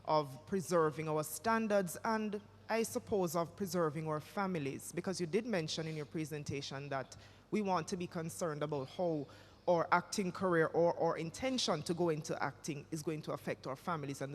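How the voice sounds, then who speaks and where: A moderator at a symposium asking long, measured questions. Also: medium pitch. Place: symposium hall. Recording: reverberant hall with faint noise.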